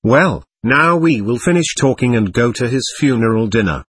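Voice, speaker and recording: A gentle, earnest young man speaks with heartfelt warmth to the boys around him, as a male narrator reads him. His voice is husky, and it rises and falls with feeling. The recording is dry and close. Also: mid-range voice, animated, moderate pace, dry recording. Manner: warm, heartfelt, pleading.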